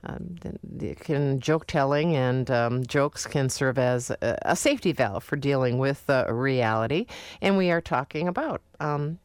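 A woman hosting a public radio talk show, reading out the station details and announcing the break in a measured way. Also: extremely low pitch, clear, resonant tone, no echo. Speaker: radio host.

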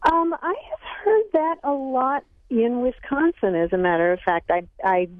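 A woman's voice: high-pitched, animated, moderate pace, dry recording. A woman from Kentucky, a language expert on a radio call-in show, chatting and thinking aloud with fillers. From Kentucky, USA. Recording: tinny phone-like line.

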